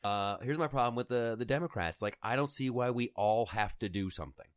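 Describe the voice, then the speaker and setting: A man from Ohio riffs as a podcast host, rambling loosely through jokes. His voice sits at a middling pitch and is recorded close and dry, with no room sound at all. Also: a little fast, dry recording. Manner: jokey, rambling, slips into high mock voices. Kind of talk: casual comedic chat.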